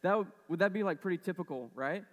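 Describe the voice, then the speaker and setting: A man's voice: high voice, fast talker, a bit bright, in a large hall. A man preaching a casual sermon, conversational and storytelling, with lots of fillers. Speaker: pastor.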